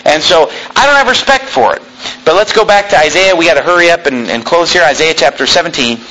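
A man's voice: on the high side, expressive, fast, pushed and bright, a little hiss or hum, poor audio. A man preaching a fiery sermon in a church, combative and sarcastic, quizzing the congregation. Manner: combative, sarcastic, asks the congregation for shows of hands.

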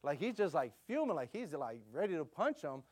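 This is a middle-aged missionary preacher from the United States who tells a story from the pulpit. He speaks quickly and with plenty of energy, and he keeps calling out to his congregation. His voice sits a little high for a man. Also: slightly rough. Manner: animated, quick storytelling with audience call-outs. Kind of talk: storytelling sermon.

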